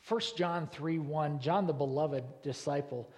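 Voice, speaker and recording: A man's voice: a little high, measured pace. Man preaching a sermon in a reverberant church. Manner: emphatic preaching, building to loud forceful peaks; repeats words for emphasis. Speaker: pastor. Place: church sanctuary. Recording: long reverb of a large church hall.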